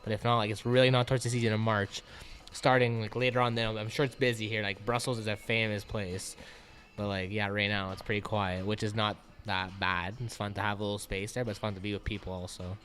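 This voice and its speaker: A man's voice: lowish voice, level tone, fairly bright tone. A young man from Canada, a guest who works in a grocery store, talking in casual chat with swearing and plenty of "like". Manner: fast, swearing, many "like" fillers.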